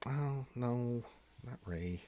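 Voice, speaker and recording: Casual gamer man for a livestream co-host, slangy and relaxed, mid-pitched, dry close sound. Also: very slow, dry recording. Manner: laid-back, slangy, calls people dude and man. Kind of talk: casual chat, reading viewer questions.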